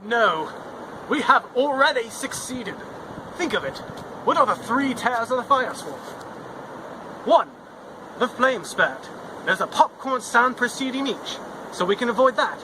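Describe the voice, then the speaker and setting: A man's voice: very high voice, very animated, measured pace, pauses often, full character voice. Westley, a man playing a cocky young hero. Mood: smug. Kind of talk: amateur fan reenactment. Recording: noisy home recording.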